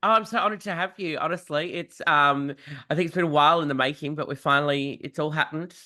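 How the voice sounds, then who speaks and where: A man's voice: a little high, fast talker, bright, forceful tone. Bubbly male podcast host. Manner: bubbly, gushing, theatrical. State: jet-lagged, yawning. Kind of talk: casual podcast chat.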